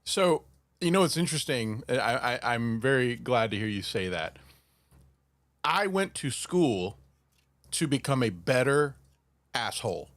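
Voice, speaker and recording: A man's voice: medium pitch, big pitch swings, unhurried, pauses often, a bit bright, no room sound. A man co-hosting a podcast in casual chat, exasperated and laughing. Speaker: podcast co-host.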